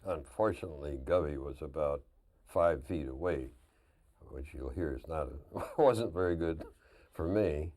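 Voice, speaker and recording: An older man telling lively anecdotes as a guest on a 1999 television interview, often laughing at his own stories. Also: a bass voice, normal speed. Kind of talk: casual storytelling.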